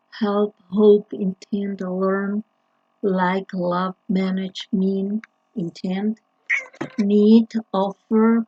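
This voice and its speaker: Female English teacher, slow deliberate delivery, husky tone, dull dry lo-fi recording. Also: mid-range voice, no room sound. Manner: slow, deliberate, with frequent restarts and fillers. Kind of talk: grammar lesson explanation.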